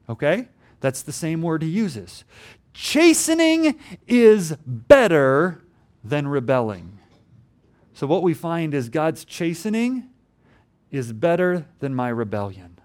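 A young adult man preaching a sermon earnestly, rising to emphatic peaks and then dropping low. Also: sing-song, measured pace, a little mellow. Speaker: pastor.

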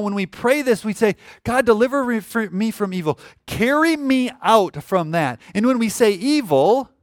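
Male pastor, sermon, high and animated voice, dramatic swings from quiet to loud, dry close recording. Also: no room sound. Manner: emphatic, swings from hushed to shouting.

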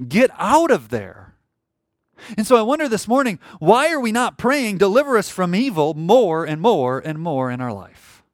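Animated high-voiced preacher man. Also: no echo, studio quality. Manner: emphatic, swings from hushed to shouting. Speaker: pastor. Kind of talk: sermon.

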